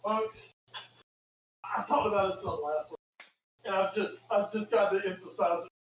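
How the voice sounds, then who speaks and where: Excitable high-voiced male podcast host. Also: moderate pace, roomy sound, a little hiss or hum, low-quality recording. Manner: excitable, animated, prone to shouted asides. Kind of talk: casual chat.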